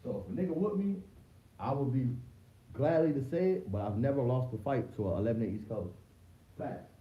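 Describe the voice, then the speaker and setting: A man's voice: mid-range voice, expressive, normal speed. Slangy man on a roomy lo-fi stream. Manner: slangy, rambling, repeats words and restarts often. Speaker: livestream host. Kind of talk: casual livestream talk. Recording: distant roomy, dull lo-fi mic with faint hiss.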